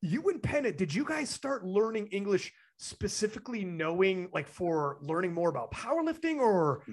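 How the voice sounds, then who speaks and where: Husky podcast host, super animated, bouncy voice, says dude a lot, swears. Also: mid-range voice, moderate pace. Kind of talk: casual podcast chat.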